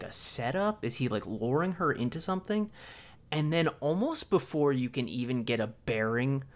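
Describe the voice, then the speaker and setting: A man co-hosting a film review podcast, retelling scenes in a vivid, emphatic way. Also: medium pitch. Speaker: podcast co-host. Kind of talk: casual film review chat.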